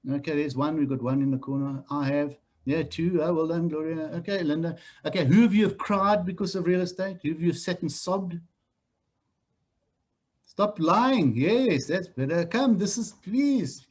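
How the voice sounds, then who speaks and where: A middle-aged man with a South African accent, giving a blunt, animated training talk to a room of new real estate agents. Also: fairly high pitch, normal speed. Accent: South African English.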